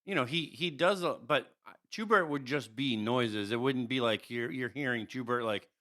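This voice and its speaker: A man's voice: mid-range voice, normal speed, a bit bright. A man co-hosting a podcast in casual chat, hesitant and repeating his words. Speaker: podcast co-host.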